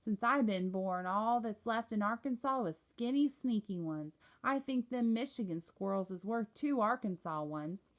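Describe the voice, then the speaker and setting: A woman's voice: medium pitch, expressive, moderate pace, hardly any pauses, lightly acted. A woman voicing a friendly, eager country boy from the rural South who talks a lot.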